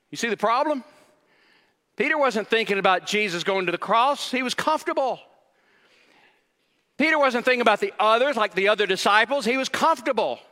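A man's voice: extremely high pitch, bright, forceful tone, in a large hall. A man preaching a sermon as pastor, emphatic and repetitive, with rhetorical questions to the congregation.

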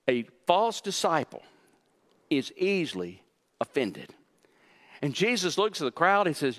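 A man pastor preaching a sermon, animated and acting out quoted voices, often repeating words for emphasis. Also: moderate pace. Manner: animated, acts out quoted voices with rising pitch; repeats words when stressing a point.

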